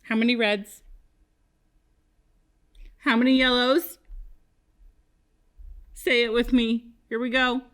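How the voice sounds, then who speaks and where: A woman teaching a kindergarten math lesson on television, leading the children in slow sing-song call-and-response counting. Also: on the high side, a bit bright.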